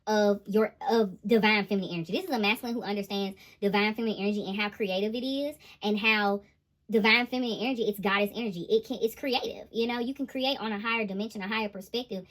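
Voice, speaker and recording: A woman giving a casual tarot reading to her viewers, animated and exclaiming as she goes. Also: medium pitch, fast talker. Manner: animated, laughing, exclaiming "ooh, child". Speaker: intuitive tarot reader.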